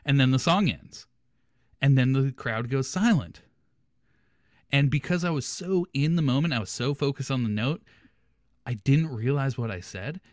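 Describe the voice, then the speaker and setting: A man's voice: medium pitch, normal speed, long pauses, no echo. Dry-sounding young man telling a story. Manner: animated, laughs through his story. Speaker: podcast host. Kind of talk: casual storytelling chat.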